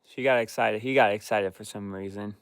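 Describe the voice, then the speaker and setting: A man's voice: lowish voice, steady tone, clear, resonant tone, no room sound, clean studio sound. A man rambling to himself in casual running commentary while cleaning out a cluttered workshop. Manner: slow, rambling, talks to himself and his dog. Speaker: vlogger cleaning his workshop.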